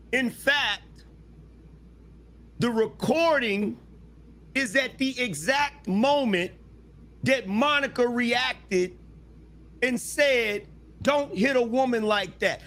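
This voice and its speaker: Slow-talking man hosting a podcast. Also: very high voice, a bit bright. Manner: emphatic, keeps asking "right?". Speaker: podcast host. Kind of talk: commentary on a viral clip.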